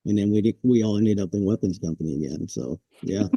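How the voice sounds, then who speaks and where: Male vet guest, 40s, deep mellow tone, easygoing anecdotes, dry close mic. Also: fast talker, husky, dry recording. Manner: laid-back, chuckles, acts out quoted drill instructors. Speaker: podcast guest, Marine veteran. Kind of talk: casual storytelling interview.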